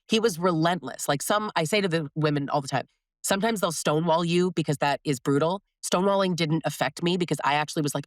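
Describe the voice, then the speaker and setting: A woman hosting a podcast, talking in an animated, emphatic, conversational way. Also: low-pitched, fast talker, no room sound, studio quality. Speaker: podcast host.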